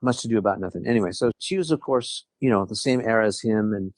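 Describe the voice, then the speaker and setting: A fast-talking man from Southern California, with a lowish voice and no echo, shares a personal story as a podcast guest. He keeps it chatty, quoting others and laughing lightly now and then.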